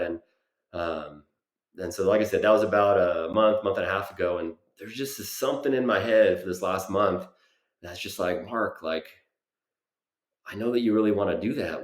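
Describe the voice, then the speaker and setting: Deep-voiced man telling a halting story. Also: roomy sound. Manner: halting, many fillers and restarts. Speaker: vlogger. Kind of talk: casual personal storytelling.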